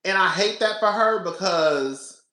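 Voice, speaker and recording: A man with a high, bright voice gives casual commentary on a reality show. His talk is animated and chatty, and he keeps calling his viewers girl and baby. The sound is echoey, as if from a bare room. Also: unhurried.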